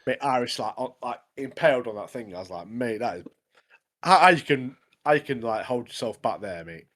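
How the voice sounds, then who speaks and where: A man co-hosting a casual anime podcast, retelling scenes in an animated, chatty way. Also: mid-range voice, brisk. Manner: chatty, says "mate" constantly, animated retelling. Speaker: podcast co-host. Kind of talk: casual anime review chat.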